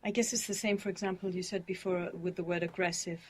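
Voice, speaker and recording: A woman's voice: fairly low pitch, steady tone, fast, slight background noise. A woman learning a language who answers her teacher's prompts and thinks aloud.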